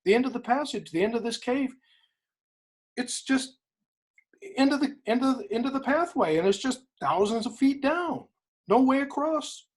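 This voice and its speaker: A man, an interview guest, retelling a story in an emphatic, animated way, often repeating phrases for weight. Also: very high voice, moderate pace. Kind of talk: inspirational storytelling in conversation.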